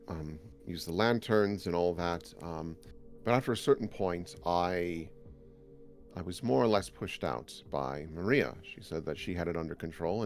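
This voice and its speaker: A man voicing a guilt-ridden, earnest woman in a tabletop game. He speaks haltingly, with many pauses and ums. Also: low voice. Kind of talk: tabletop role-play in character.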